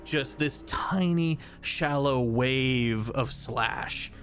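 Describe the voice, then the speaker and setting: A man as dungeon master, describing scenes in a halting, rambling way with many fillers. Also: medium pitch, fairly bright tone, faint music behind. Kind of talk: narrating a tabletop game.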